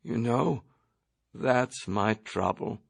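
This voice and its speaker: Male reader voices a stubborn boozy airman, rough and raspy-edged, audiobook. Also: a little high, very animated, normal speed, bright, forceful tone, no echo, clean studio sound, full character voice. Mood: rueful.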